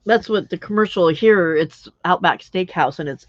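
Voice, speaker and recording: Speaking with a lowish voice at a moderate pace, a woman hosts a late-night livestream where she crafts and casually chats with her viewers. She giggles a lot and answers live chat comments as she goes. The recording is dry, with dull, muffled lo-fi audio.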